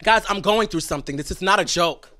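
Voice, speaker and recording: A young man chatting on a livestream in a dramatic, animated way, talking straight to his viewers. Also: sits high, quick pace. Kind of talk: casual livestream chat.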